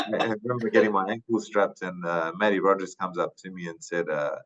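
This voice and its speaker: A man in his thirties from Papua New Guinea, a podcast guest telling his story in a thoughtful, unhurried way with many fillers and restarts. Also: sits low, very animated, fairly bright tone, rough recording. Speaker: podcast guest, retired rugby league player. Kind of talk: casual interview storytelling.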